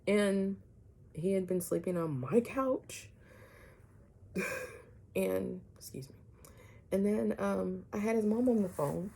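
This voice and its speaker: A woman vlogger telling a personal story to her viewers, animated, often asking "right?" and dropping some words to a whisper. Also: medium pitch, slow pace, creaky, pauses often, husky.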